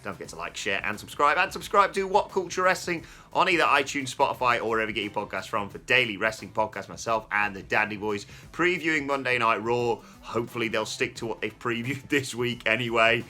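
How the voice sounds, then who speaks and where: Guy hosting a podcast, bright punchy voice, gets loud and excited. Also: medium pitch, fairly quick, few pauses. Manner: animated, exclaiming, laughs often. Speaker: host. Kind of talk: casual podcast chat.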